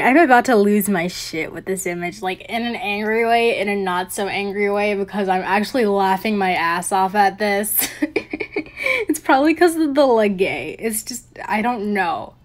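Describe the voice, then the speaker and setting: At home with her family around, a young woman hosts a reaction commentary video in an unhurried, mid-range voice. She rants in exasperation and laughs often.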